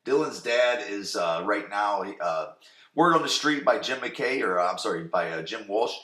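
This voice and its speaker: A man's voice: fairly low pitch, moderate pace. Rambling, swearing young podcast man. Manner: rambling, profane, animated. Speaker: podcast host. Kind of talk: casual episode recap. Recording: roomy echo.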